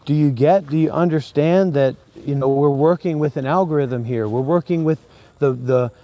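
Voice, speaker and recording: Preachy, rambling man with a mellow voice. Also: a little high, moderate pace. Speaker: former Buddhist monk vlogger. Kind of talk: rambling monologue to camera. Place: outdoors in a graveyard.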